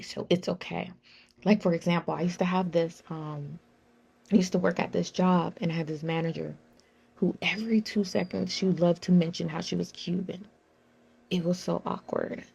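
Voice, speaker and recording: A young Southern California woman vlogs in a casual monologue, her high, Valley-girl-like voice carrying a gravelly, breathy edge. She spins stories loosely and animatedly, slipping into the voices of people she quotes. The audio is slightly dull and lo-fi.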